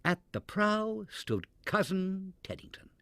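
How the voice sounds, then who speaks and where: A man reading a children's storybook aloud in an expressive, animated manner into a close mic. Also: high voice, slow pace, dry recording.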